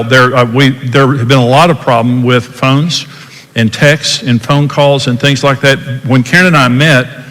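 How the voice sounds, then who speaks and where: A man's voice: medium pitch, a bit bright, big-room sound, low-quality recording. An older man giving a folksy teaching talk on marriage, repeating himself and acting out different tones of voice.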